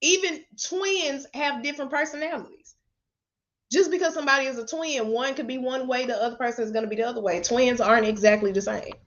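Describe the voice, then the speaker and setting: Unfiltered motivational lady cussing and laughing on a live, kinda high voice, muffled stream sound. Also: fast talker. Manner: blunt, profane, laughs often. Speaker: motivational speaker. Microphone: webcam or phone camera.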